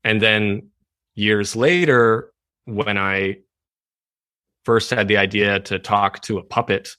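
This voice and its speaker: A man chats as an interview guest, animated and quick to laugh. His voice sits a little low, and it is recorded dry and close. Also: clean tone, dry recording. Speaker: writer, guest. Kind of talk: casual chat.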